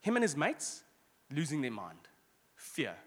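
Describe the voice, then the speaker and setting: Guy preaching, slightly high voice, echoey church hall, chatty asides. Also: slightly rough. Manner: lively, conversational preaching with quick asides and restarts. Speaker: pastor. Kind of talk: sermon.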